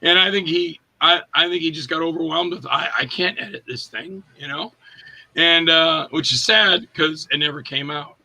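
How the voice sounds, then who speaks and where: A man's voice: fairly high pitch, normal speed, creaky. A man in his fifties, an actor telling stories in a casual interview and acting out quotes in different voices. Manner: animated, acts out quotes in voices.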